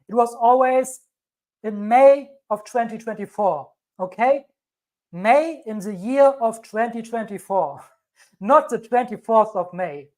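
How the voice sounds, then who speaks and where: Woman with a thick German accent. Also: on the high side. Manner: reassuring, emphatic, repeats herself; reads news items aloud. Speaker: crypto channel host. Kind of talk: live stream commentary.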